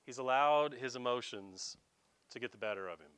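A man's voice: medium pitch, moderate pace, clear, resonant tone. A middle-aged man, preaching a folksy, joking sermon as pastor. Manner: folksy, animated preaching with jokes and asides.

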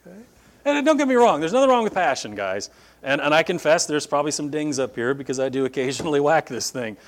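Animated middle-aged male pastor preaching. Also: on the high side, quick pace. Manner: animated storytelling, voices quoted speakers. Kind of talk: sermon.

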